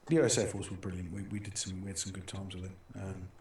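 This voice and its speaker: A man's voice: sits low, little pitch movement, fast, darkish tone, heavy reverb, recorded from a distance. A middle-aged British man hosting a casual talk show, telling stories in a rambling way with many restarts and fillers. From Britain. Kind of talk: casual chat.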